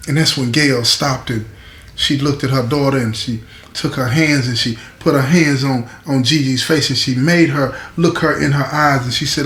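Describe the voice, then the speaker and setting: Male storyteller, slightly high voice, conversational and repetitive, roomy recording. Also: moderate pace, a bit bright. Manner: conversational, repeats phrases, asks listener "you understand?". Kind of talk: casual oral storytelling. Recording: echoey room.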